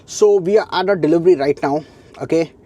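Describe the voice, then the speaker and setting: A man's voice: a little high, a little fast, warm tone. A young adult man vlogging casually from his truck cab, talking in a rambling, chatty way with many fillers and restarts. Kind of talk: casual vlog chat.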